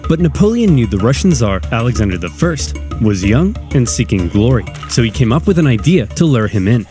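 A man giving scripted, comedic history narration with a brisk, punchy, dramatic delivery. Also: mid-range voice, big pitch swings, dark tone, soft background music.

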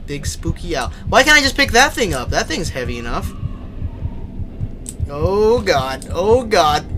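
A man's voice: sits high, big pitch swings, measured pace, sharp tone, soft background music. A young man live-streaming a horror game, swearing, yelping in fright and chatting to his viewers. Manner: jumpy, swears and yelps in fright, then chats to viewers.

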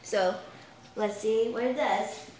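Young woman, slightly high voice, unhurried and chatty, home demo. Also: fairly even intonation, a little mellow, echoey room, a little hiss or hum. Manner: chatty, many "like" fillers. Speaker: toy demonstrator. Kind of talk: casual product demo.

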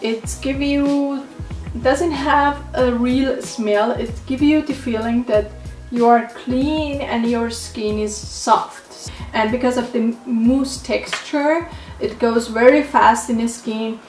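Slow-talking woman with non-native English. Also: fairly high pitch, fairly even intonation, darkish tone. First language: not English. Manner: unhurried, halting non-native phrasing with many fillers. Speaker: beauty vlogger. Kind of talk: casual product haul talk. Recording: roomy echo, mic at a distance, faint music.

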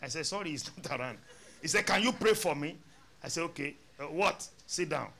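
A man's voice: fairly high pitch, expressive, fairly quick, creaky, pushed and bright. A male pastor, telling a story in a sermon and acting out both sides of the dialogue.

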